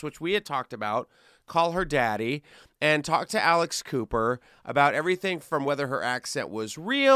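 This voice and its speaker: A man's voice: on the high side, bright, forceful tone, clear, resonant tone, no echo, clean studio sound. A man hosting a comedy news podcast, chatting casually and sarcastically, often breaking into laughter. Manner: sarcastic, laughing, mocking voices. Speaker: podcast host.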